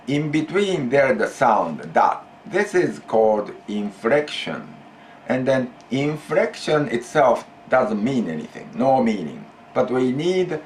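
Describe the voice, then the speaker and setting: Slow, lively Japanese-accented male teacher. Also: medium pitch, a little hiss or hum. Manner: deliberate, repeats key phrases, stretches out example phrases. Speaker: language teacher. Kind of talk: classroom language lesson.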